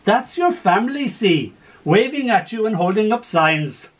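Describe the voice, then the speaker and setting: Guy doing a patient nurse lady, a bit higher, firm and explainy. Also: very animated, unhurried, full character voice. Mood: explaining. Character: patient, firm young female care-home nurse.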